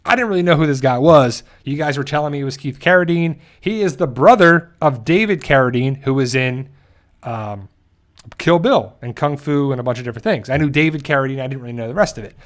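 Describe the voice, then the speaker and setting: A man's voice: medium pitch, animated. A man hosting a channel, casually recapping an episode in a rambling way and briefly acting out the characters' lines. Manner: rambling, with frequent restarts and quick acted-out quotes. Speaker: show host.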